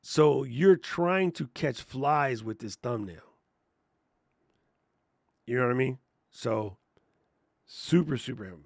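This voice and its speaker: A man hosting a casual livestream class on thumbnails, telling stories in slangy, animated talk and laughing often. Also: medium pitch, slow, creaky, long pauses, no echo, studio quality. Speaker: host and content coach. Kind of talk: casual livestream teaching chat.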